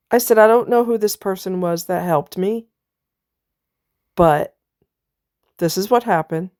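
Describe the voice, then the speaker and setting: A woman with a lowish voice speaks straight to the camera in a casual personal monologue. She tells her story bluntly and with emphasis, dropping the odd swear word. The sound is dry and close. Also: clear, resonant tone, no echo. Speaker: vlogger.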